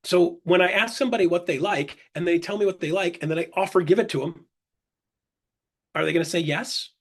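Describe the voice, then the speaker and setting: A man with a husky, slightly raised voice coaches a webinar audience in a loose, conversational way. He jokes and tosses "right?" at his listeners as he goes. He acts out quick buyer-and-seller exchanges to make his points. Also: high voice. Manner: jokey and upbeat, peppers points with "right?" and "guys". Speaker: webinar presenter and business coach. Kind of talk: casual coaching talk to an online audience.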